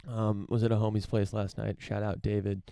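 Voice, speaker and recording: There's background noise as the young man, hosting his podcast from his parents' home, delivers a casual solo monologue that's rambling, profane and full of fillers and restarts. His voice sits on the low side, level in tone, brisk, with vocal fry. A live-stream camera setup serves as the microphone.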